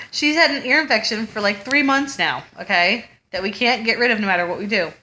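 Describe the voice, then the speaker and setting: Chatty bright-voiced mother vlogging. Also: on the high side, fairly quick. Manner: chatty, storytelling, laughs often. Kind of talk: casual chat.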